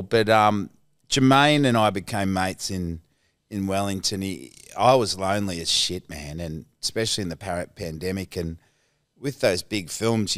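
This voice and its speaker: A man in his forties with an Australian accent, chatting as a podcast guest. His voice sits fairly low and sounds dry and close. He rambles through his anecdotes, swears easily and laughs as he goes. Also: no room sound. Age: 40s. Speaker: actor guest. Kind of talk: casual podcast chat.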